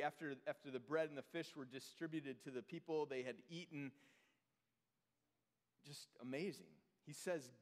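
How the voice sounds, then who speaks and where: A man preaching a sermon as pastor, earnest, often dropping to a soft, slow voice for emphasis. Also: fairly high pitch. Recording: long hall reverb.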